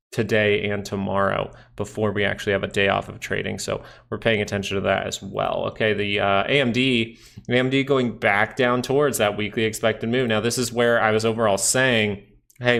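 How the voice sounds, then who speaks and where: A man's voice: lowish voice, gravelly, a bit bright. A man hosting a live stream, casually talking through stock charts and trade setups as he looks at them. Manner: casual, thinking aloud over charts.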